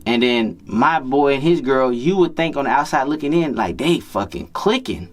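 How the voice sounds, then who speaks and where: A man's voice: mid-range voice, animated, normal speed. A man working as a dating coach, telling a story in casual, profane street slang and repeating himself often.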